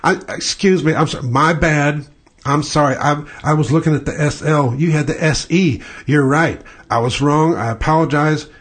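A groveling insurance adjuster, as a stand-up comedian puts him on, stumbling over his own apologies. The husky voice is pushed up high and sounds falsely contrite. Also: moderate pace, fairly bright tone. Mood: fake apologetic. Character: sheepish, fawning male insurance adjuster.

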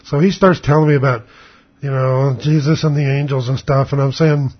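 A man's voice: mid-range voice, steady tone, normal speed, breathy edge. An older man telling a rambling personal story in a blunt, sarcastic, casual way. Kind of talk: casual spoken monologue. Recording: dull lo-fi recording.

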